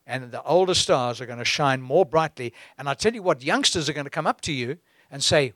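Male preacher, lively and fairly high-voiced, dry close recording. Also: moderate pace, no room sound. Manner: animated, exhorting preaching with chuckles. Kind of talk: sermon.

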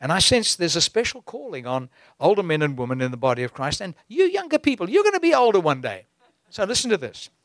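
Male preacher, lively and fairly high-voiced, dry close recording. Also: fast talker, dry recording. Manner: animated, exhorting preaching with chuckles. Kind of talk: sermon.

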